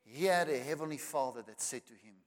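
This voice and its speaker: A South African man preaching a sermon with emphasis, repeating words for effect and building to loud declarations. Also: a little high, brisk. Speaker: pastor. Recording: long reverb of a large hall.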